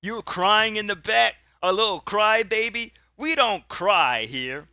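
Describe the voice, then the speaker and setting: A man's voice: sits high, lively intonation, slow, pushed and bright, clean tone, dry recording, studio quality, voice pushed up, exaggerated voice. A man voicing a boastful male pro wrestling champion who taunts and mocks a beaten rival in a tabletop game. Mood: mocking. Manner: mocking, jeering.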